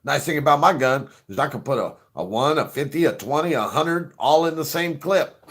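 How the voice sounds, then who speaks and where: A man's voice: on the high side, animated, normal speed, a bit bright, breathy edge. Profane, laughing middle-aged male host. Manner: profane, laughs often, rambling. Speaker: show host. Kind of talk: casual joking chat.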